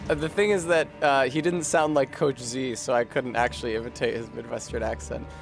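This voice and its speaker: A man's voice: mid-range voice, steady tone, fairly quick, vocal fry, soft background music. A man streaming a video game, chatting casually with viewers in a rambling, profane way. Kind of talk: casual chat while gaming.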